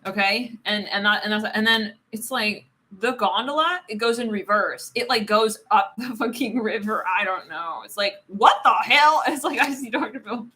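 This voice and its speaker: A woman's voice: fairly high pitch, normal speed, few pauses, pushed and bright. A woman doing a live tarot reading, rambling and giggling, filling her talk with "it's like". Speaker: tarot reader.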